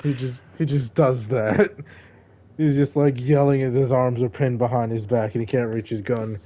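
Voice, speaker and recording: A man's voice: medium pitch, normal speed. A man narrating as game master of a tabletop game, laughing now and then as he describes the action. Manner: laughs while narrating, relaxed.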